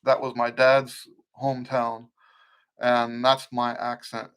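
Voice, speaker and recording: Hosting a casual live Q&A, this middle-aged trumpet teacher speaks slowly with a completely flat delivery in a mid-range, slightly bright, clean voice. He's from the eastern United States, has a mixed American accent rooted in Western Pennsylvania, and frequently restarts and rephrases.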